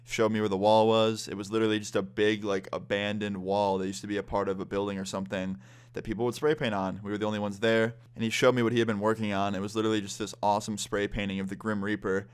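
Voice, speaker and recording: Fast-talking young man telling a story. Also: on the low side, flat delivery, smooth. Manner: fast, casual, sweary storytelling. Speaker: vlogger. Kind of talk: casual storytime vlog.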